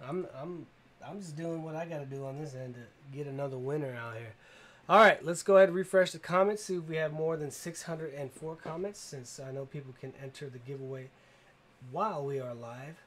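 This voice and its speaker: His voice is a little high, brisk, and a bit bright as he hosts a tool channel giveaway livestream. He keeps things upbeat and casual, hailing viewers and reading their comments aloud.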